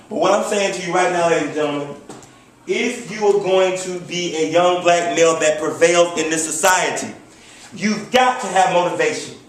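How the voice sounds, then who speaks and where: A man with a high voice delivers a motivational speech from a distance, and his words boom around a big echoey hall. He gives orders and leads call-and-response, repeating each line over and over, with a faint hiss under it all. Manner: commanding call-and-response, repetitive. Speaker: motivational speaker. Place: large hall before an audience.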